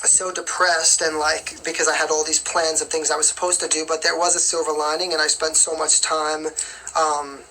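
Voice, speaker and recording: A woman's voice: sits low, flat delivery, normal speed, sharp tone, a little hiss or hum, poor audio. A young woman singer answering fan questions in a casual live-stream chat, rambling along with lots of "like" and "you know".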